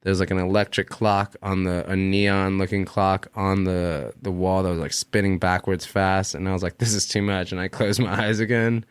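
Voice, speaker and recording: A man's voice: low-pitched, flat delivery, moderate pace, hardly any pauses, smooth, no room sound. A young adult man, a musician guest, telling a long story casually, full of fillers and swearing. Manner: rambling, heavy on fillers and swearing.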